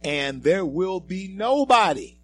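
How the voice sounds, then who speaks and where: Speaking slowly in a very animated, high-pitched, fairly bright voice, a male talk radio host offers emphatic and preachy political commentary. He talks right to his audience as folks and friends, with a little hiss or hum in the background.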